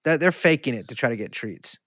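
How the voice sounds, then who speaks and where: A man's voice: medium pitch, expressive, a little fast, a bit bright, no echo, clean studio sound. A man co-hosting a podcast, telling rambling, profane, jokey stories in casual chat. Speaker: podcast co-host.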